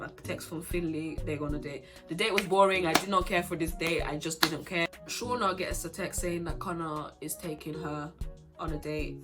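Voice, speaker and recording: A young woman giving a sassy, animated recap of a reality show in casual vlog commentary. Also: sits low. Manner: sassy, animated, addresses people directly. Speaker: vlogger.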